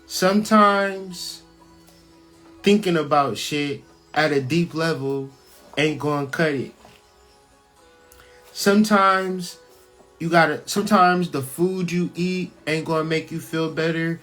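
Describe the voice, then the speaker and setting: With faint music behind him, a channel host comments on a scripture reading in a blunt, profane, sermon-like way. His voice is fairly high, steady, and a little bright, and he hammers ideas home through repetition, lingering on key words.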